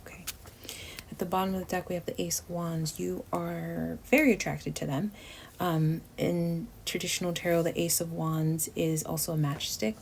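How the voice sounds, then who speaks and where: A woman with a low-pitched voice talks her viewers through a tarot reading. She is chatty and emotive, and often drops to a near whisper. A steady background noise sits under the recording. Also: normal speed, creaky. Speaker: tarot reader. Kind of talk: casual tarot reading to camera.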